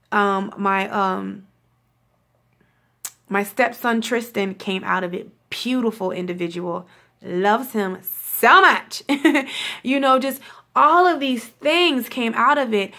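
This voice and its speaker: Young woman, spiritual vlogger, casual and gushing, slightly higher voice. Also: creaky, sharp tone. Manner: effusive, swears casually, laughs often. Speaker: spiritual reading channel host.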